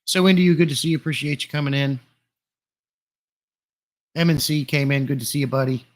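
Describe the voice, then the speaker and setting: A man hosting a casual live stream, chatting in a relaxed way and greeting viewers by name, recorded on a desktop mic in a room full of glass fish tanks. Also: on the high side, brisk. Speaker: livestream host. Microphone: desktop USB condenser mic.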